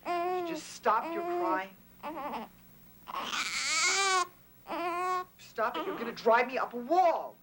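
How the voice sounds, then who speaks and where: A young male actor playing a teenage boy, a high school senior overwhelmed as a new father, pleading and near tears in a 1980s TV drama. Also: very animated, moderate pace. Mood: exasperated. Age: teens. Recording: hissy old TV film audio.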